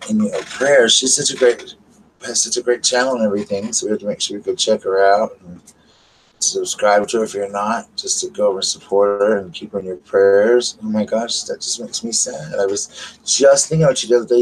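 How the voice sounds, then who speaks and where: A man's voice: fairly low pitch, steady tone, a little fast, slight background noise, poor audio. A man hosting a casual live chat from his bedroom, affectionately greeting viewers by name and talking about his day. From US South. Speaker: channel host. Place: bedroom at home.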